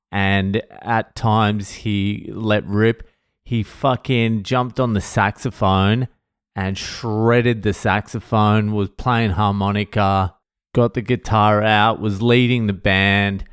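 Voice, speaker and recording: Middle-aged man vlogging, slow and deliberate, swears freely, heartfelt and blunt. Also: fairly low pitch, clear, resonant tone, dry recording, clean studio sound. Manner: blunt, profane, emotional storytelling. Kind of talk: casual monologue to camera.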